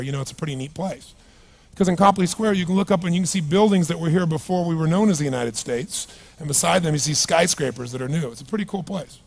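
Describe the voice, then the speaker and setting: A middle-aged man and seminar speaker, telling a personal story to a live audience in an animated, conversational way and asking them questions. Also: a little high, gravelly.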